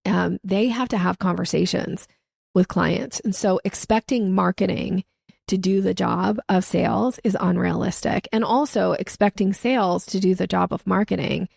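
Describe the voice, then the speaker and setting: A woman sales coach answering interview questions in an animated way, acting out the speech she quotes. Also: mid-range voice, moderate pace, vocal fry, husky, no echo, clean studio sound.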